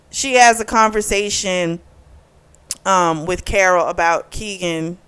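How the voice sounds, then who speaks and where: A woman reviewing a book in a casual vlog. She retells the plot frankly with swearing and lively asides, and acts out the characters' lines in animated bursts. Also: lowish voice, slow, smooth. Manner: candid, profane, opinionated retelling.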